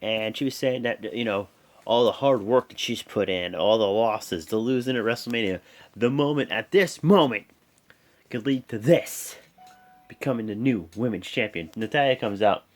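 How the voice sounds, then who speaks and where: Excitable young man hosting live reactions. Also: moderate pace. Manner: rambling, loose delivery with many fillers and restarts; excitable, jumps high when emphasizing. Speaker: host.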